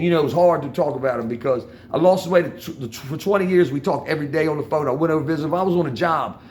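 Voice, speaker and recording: Older DC man, gravelly, loose and profane, talks to the camera outdoors, "man" and "y'all" in every line. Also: fairly high pitch, slight background noise. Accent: Washington DC. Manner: rambling, profane street talk with constant "man" and "y'all". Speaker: vlogger talking to viewers. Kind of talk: casual storytelling monologue. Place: outdoors on a street corner.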